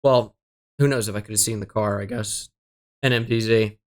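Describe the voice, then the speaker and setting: A young streamer with a fairly low, steady voice at normal speed chats casually while playing a geography guessing game. Muttering his guesses, he curses his luck and keeps up an exasperated, self-deprecating running commentary.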